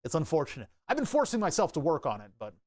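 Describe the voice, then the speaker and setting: A man's voice: on the high side, huge pitch swings, fast talker, a little mellow, dry recording, studio quality. A young man chatting casually while tinkering at his workbench, rambling and laughing at himself. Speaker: maker streaming his workbench. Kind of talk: casual chat.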